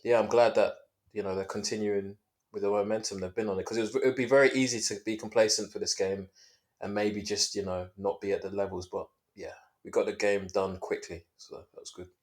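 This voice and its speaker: A man co-hosting a football podcast, giving a measured, easygoing analysis of a match. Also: lowish voice, little pitch movement. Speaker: podcast co-host.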